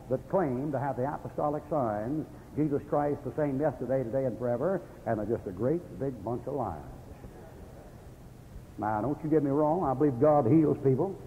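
Captured on an old, tinny radio broadcast from a hall with a bit of hiss or hum, this older man preaches as a Baptist in a mid-range voice. His folksy storytelling is broken by chuckles and abrupt angry outbursts.

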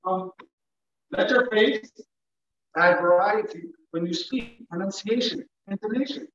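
Male teacher, classroom lecture, high voice, far off in an echoey room. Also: a little slow, lo-fi sound. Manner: animated, playful demonstrations to students. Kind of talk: classroom lecture on public speaking.

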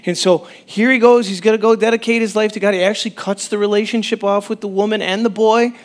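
Male pastor with a high voice, preaching casually and animatedly, restarting his sentences. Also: fast talker, few pauses. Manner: conversational, animated, breaks off mid-sentence. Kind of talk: sermon.

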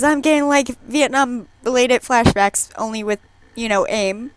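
A woman's voice: fairly high pitch, a little slow, smooth, dry recording. A woman in her twenties streaming a game, reading chat lines aloud and reacting with emotional, swear-filled commentary. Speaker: let's play streamer.

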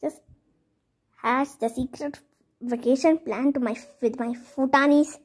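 Woman telling a made-up story, high voice, takes it slow, lots of restarts, acts out every character. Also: husky. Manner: animated, hesitant, frequent restarts. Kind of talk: homemade story narration acting out all the characters.

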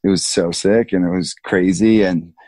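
A man in his thirties, a big mountain skier guest, telling stories in a relaxed, slangy way, laughing often and acting out what people said. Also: deep voice, moderate pace, dry recording. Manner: laid-back, slangy, laughs often, acts out quotes. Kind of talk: casual storytelling interview.

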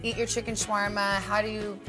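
A woman's voice: medium pitch, flat delivery, fast talker, pushed and bright, soft background music. A woman host chatting casually and reacting enthusiastically while she tastes food.

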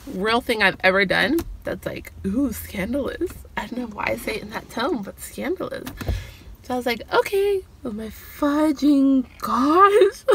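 In a chatty storytime vlog, a young woman leans on "like" as a filler and raises her voice higher to act out the quotes. Her voice is bright and forceful with vocal fry, and there's a little hiss or hum.

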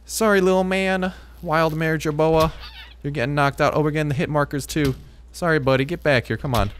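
A man's voice: a little high, fairly even intonation, brisk, slight background noise. A man in his hyped, chatty let's-play commentary, often restarting phrases as he plays, recorded on a desktop microphone at home. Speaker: gaming YouTuber.

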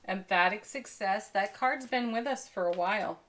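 A woman reading tarot cards in an upbeat, effusive way, breaking into gentle laughs as she goes. Her voice sits at an ordinary middle pitch. She closes her thoughts with soothing spiritual affirmations. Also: slight background noise. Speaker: tarot reader. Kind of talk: daily tarot card reading.

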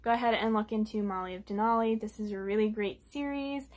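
A woman reading a children's picture book aloud at storytime, gently pausing to explain words for young listeners. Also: mid-range voice, fairly even intonation. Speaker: storytime reader.

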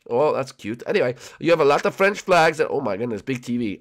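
A young man commenting on a building game, rambling and excitable with many fillers. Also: medium pitch, fast. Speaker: gaming channel host. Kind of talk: gameplay commentary with role-play.

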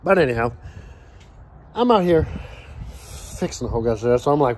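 Brief: young man vlogging outdoors, a foul-mouthed rambling rant, animated pitch. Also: a little fast, long pauses. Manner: angry, profane, rambling. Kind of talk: profane ranting vlog. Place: outdoors by a backyard grill.

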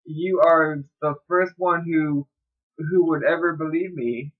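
A man's voice: a little high, fairly even intonation, slow, narrow, tinny audio. A man putting on a girlish voice to play a ditzy young fangirl chatting with a stranger online. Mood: giddy.

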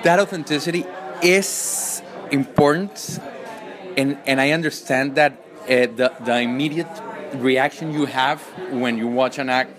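Halting Colombian-accented man. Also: mid-range voice, a crowd in the background. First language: Spanish. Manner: hesitant, halting with many restarts. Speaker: film director. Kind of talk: interview answers.

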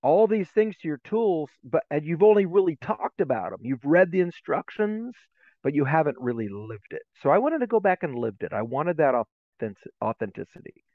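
A middle-aged man, appearing as a guest educator in a podcast interview, tells stories animatedly and acts out the voices of the people in them. His voice is a little high, his pace moderate, and the dry recording sounds tinny, like a remote phone line.

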